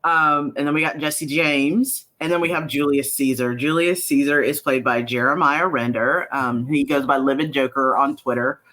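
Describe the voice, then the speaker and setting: A woman who created an animated series chats freely about her cast, filling pauses with ums and slipping into lively voices when she quotes people. Her voice is bright and forceful. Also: very deep voice. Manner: chatty, many fillers, acts out quotes in lively voices. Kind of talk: casual interview chat.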